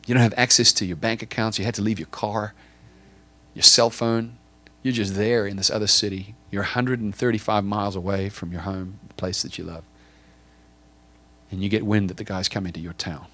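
A man's voice: lowish voice, fairly even intonation, a little fast, a bit bright. A man preaching a sermon, acting out a scene in vivid detail and often repeating or stumbling over words as he builds it. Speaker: pastor.

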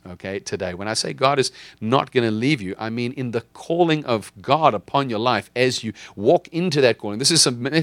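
A man's voice: medium pitch, fairly bright tone, no echo. A man preaching a sermon as pastor, speaking emphatically and repeating key lines for his listeners.

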